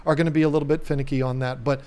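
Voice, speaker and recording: A man's voice: medium pitch, little pitch movement, rapid-fire, mellow, clean tone. A middle-aged man hosting a casual live stream, rambling and joking with many ums and restarts. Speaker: live stream host, aquarium shop owner.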